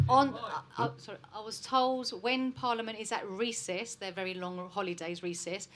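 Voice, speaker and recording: A woman from the audience hesitantly asking a question, with many pauses and fillers. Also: medium pitch, fairly bright tone, a little hiss or hum.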